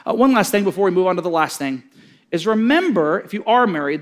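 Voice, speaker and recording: A man's voice: high-pitched, expressive, fast. A middle-aged man giving a sermon-style talk on parenting, telling stories and acting out the voices in them. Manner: storytelling, acting out quoted voices with big swings.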